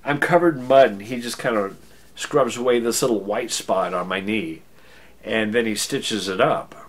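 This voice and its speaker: Wry low-voiced American storyteller man. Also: normal speed. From United States. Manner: wry, self-deprecating, casual. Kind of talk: comic personal storytelling.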